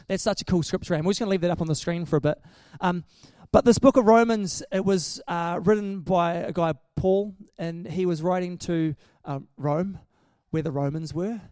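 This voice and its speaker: High-voiced man giving a chatty sermon. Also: normal speed, hardly any pauses, a little mellow, dry recording, studio quality. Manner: chatty and joking, with many restarts. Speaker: preacher. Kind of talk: casual sermon.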